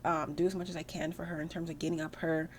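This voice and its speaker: A woman's voice: deep voice, little pitch movement, quick pace, a little hiss or hum. A woman hosting a gaming channel, giving rambling, chatty commentary over her gameplay.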